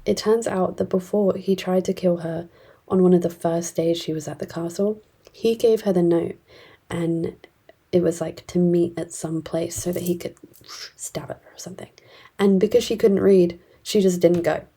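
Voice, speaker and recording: A woman's voice: fairly low pitch, fairly even intonation, normal speed, warm tone, slightly rough. A woman casually retelling and reviewing a fantasy novel, chatty and blunt, with many fillers. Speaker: book reviewer.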